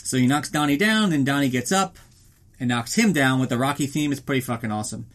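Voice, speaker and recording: A man at a middle pitch talks through a film recap like he's chatting with a friend, swearing freely and dripping with sarcasm. He keeps the tone loose and mocking, slipping into goofy voices for the characters he describes. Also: fast, a bit bright. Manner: profane, sarcastic, jumps into silly voices. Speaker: podcast host.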